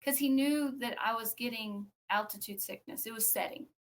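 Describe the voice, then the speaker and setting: A woman, a podcast guest, tells a personal story in a conversational way, acting out what others said and pausing with fillers. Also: on the high side, a little hiss or hum. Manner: animated, acts out quoted speech; frequent fillers and restarts.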